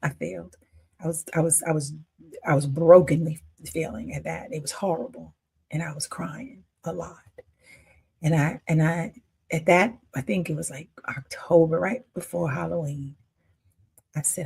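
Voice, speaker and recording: Gravelly husky woman in her fifties. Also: sits low, steady tone, moderate pace. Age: 50s. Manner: emotional, emphatic, swinging between loud declarations and near-whispers. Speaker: independent filmmaker. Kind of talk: personal storytelling monologue.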